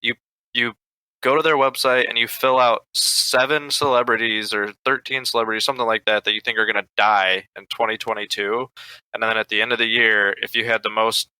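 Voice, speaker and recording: A man's voice: fairly low pitch, steady tone, brisk, pushed and bright, clear, resonant tone, no echo, poor audio. A man co-hosting a podcast, laid-back and slangy, dropping dry one-liners in casual banter. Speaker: podcast co-host.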